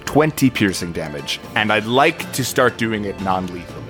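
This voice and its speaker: Casting: male player, goofy and excitable, voice swings all over, faint music behind. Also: lowish voice, moderate pace. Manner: excitable, goofy, bursts into laughs and exclamations. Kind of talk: playing a tabletop game.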